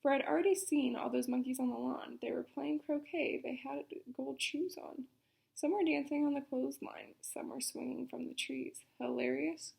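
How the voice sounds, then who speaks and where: A woman reading a picture book aloud for children's story time in an expressive, dramatic manner. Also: high voice, creaky.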